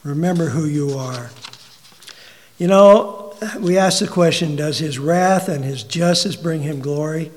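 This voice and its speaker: Man, preacher, sermon, high-pitched voice, rhetorical questions, emphatic peaks dropping to quiet asides, long hall echo. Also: unhurried. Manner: rhetorical questions, rises to emphatic peaks then drops low.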